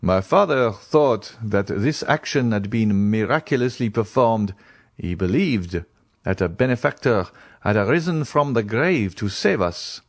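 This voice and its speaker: Audiobook: earnest young man, read by the narrator, lively pitch, heartfelt. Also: unhurried, no echo.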